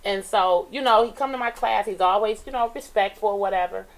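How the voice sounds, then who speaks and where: A woman's voice: medium pitch, brisk, a little hiss or hum, rough recording. A middle-aged woman teacher, telling classroom stories in casual talk and acting out the dialogue. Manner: animated, acts out dialogue in her stories. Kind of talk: casual storytelling on a radio talk show.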